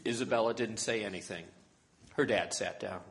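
A man with a fairly low voice reads a children's story aloud at a moderate pace, telling it expressively. A little hiss or hum is audible.

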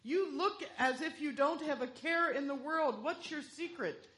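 A woman's voice: sits high, measured pace, a bit bright, pitched above the performer's own voice. A woman voicing a traveling male preacher in a spoken joke, exclaiming in disbelief. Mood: amazed. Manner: exclaiming, incredulous.

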